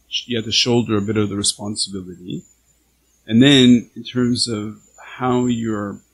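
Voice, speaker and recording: A man hosting a podcast interview over a video call, talking in halting, restarting phrases that turn animated when he gets excited. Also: fairly low pitch, breathy edge, poor audio. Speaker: podcast host. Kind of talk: casual interview conversation.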